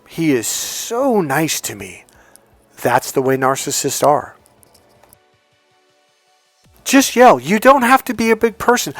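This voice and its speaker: A middle-aged man coaching with blunt, profane emphasis, swinging from loud commands to low asides. His voice sits a little high for a man. It sounds dry and close, with no room echo. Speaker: dating and relationship coach. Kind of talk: emphatic motivational monologue.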